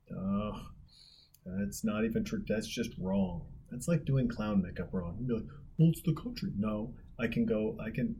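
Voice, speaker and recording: Low, husky man rambling through reaction commentary. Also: dark tone. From Montana, USA. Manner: rambling, profane, jokey, trails off in restarts. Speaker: video host reacting to a film.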